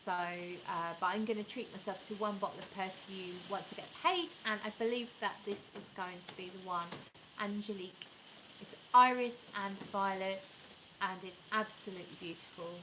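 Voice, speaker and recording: A fragrance vlogger chats enthusiastically about perfumes, rambling and correcting herself as she reads live viewer comments. Her mid-range voice is bright and forceful at a moderate pace, though the audio is poor with slight background noise.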